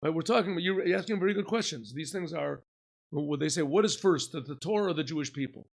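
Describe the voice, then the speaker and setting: A man, a rabbi, giving an informal Torah lesson, asking and answering his own questions and often clearing his throat. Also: fairly high pitch, fairly quick. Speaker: rabbi teaching a class.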